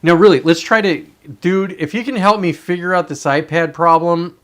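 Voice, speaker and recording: A man's voice: sits high, normal speed, fairly bright tone. Profane, sarcastic man ranting solo. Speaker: host. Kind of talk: casual ranting monologue.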